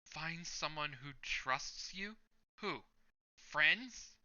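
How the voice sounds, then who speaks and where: A frightened young male villain, voiced by a man reading aloud, breaks into high, strained cries. The voice is bright and clean. The recording sounds slightly muffled and lo-fi. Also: animated, very slow, exaggerated voice. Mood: panicked.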